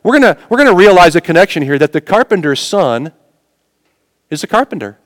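A man's voice: sits high, big pitch swings, a little fast, no echo, in a large hall. A man preaching a sermon in a conversational way, telling personal stories and asking the congregation questions. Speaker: pastor.

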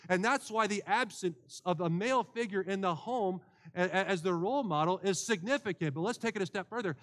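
A man's voice: high-pitched, fairly bright tone. A man preaching a sermon as pastor, earnest, often restarting his phrases. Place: church.

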